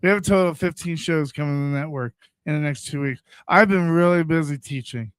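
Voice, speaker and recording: A man hosting a radio show, chatting casually with animated, stammering restarts. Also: fairly high pitch, fast, clean tone, dry recording.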